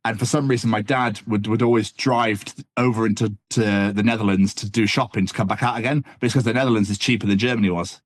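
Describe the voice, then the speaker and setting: A man's voice: on the low side, fairly even intonation, fast, few pauses. A man with an English accent chatting casually as a podcast guest, rambling and tossing in "man" often. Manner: rambling, laughs often, says "man" a lot.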